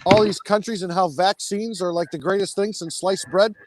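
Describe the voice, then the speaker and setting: A man's voice: high-pitched, normal speed, heavy background noise. A man guesting on a casual livestream, agitated and ranting angrily with constant swearing. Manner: angry, profane ranting.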